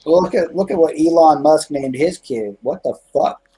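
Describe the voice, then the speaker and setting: A man's voice: on the high side, normal speed, warm tone, husky, rough recording. A man, a guest on a music podcast, chatting casually, joking and swearing freely. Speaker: interview guest, music creator. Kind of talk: casual profane podcast chat.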